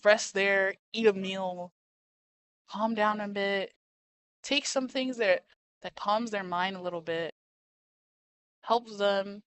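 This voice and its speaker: A young woman streamer giving casual reaction commentary, animated and slangy, peppering her talk with "bro" and "freaking". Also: medium pitch, slow pace, pauses often. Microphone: desk mic.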